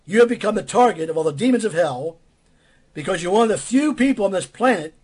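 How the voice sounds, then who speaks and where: A man's voice: high-pitched, animated, quick pace, a little mellow, husky. A man preaching a sermon in a blunt, emphatic way, repeating phrases for stress.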